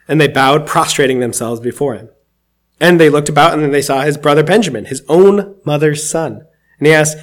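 A man's voice: on the high side, a little fast. A man giving a conversational, reflective sermon, reading scripture aloud and explaining it with occasional fillers. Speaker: preacher.

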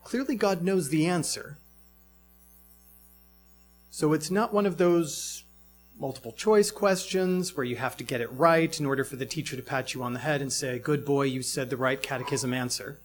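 A man's voice: a little high, normal speed, long pauses, soft background music. A man preaching a sermon in a reflective way, asking many rhetorical questions.

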